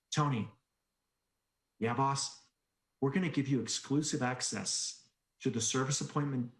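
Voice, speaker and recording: Sales trainer guy telling stories, animated, echoey room. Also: mid-range voice. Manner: animated storyteller, jokes and acts out quoted voices. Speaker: automotive sales trainer presenting a webinar. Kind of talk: energetic sales presentation with anecdotes.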